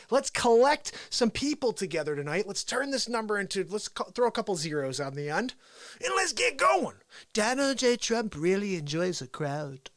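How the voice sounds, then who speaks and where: Animated male live-stream host. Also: sits high, no echo. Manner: animated, jumps between impressions and banter with viewers. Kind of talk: unscripted live-stream chat with impressions.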